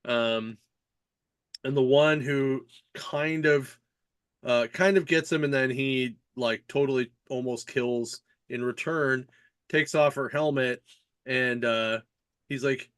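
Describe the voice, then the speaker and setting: A man hosting a comics podcast in casual chat, retelling a story excitedly with lots of fillers and laughter. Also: medium pitch, takes it slowly, clear, resonant tone, no echo.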